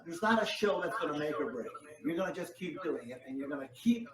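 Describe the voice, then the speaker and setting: A man's voice: on the high side, expressive, quick pace, crowd noise. A man performing a comedy ventriloquism act, telling stories in an upbeat, encouraging way. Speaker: guest ventriloquist. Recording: echoey room, distant mic, faint noise.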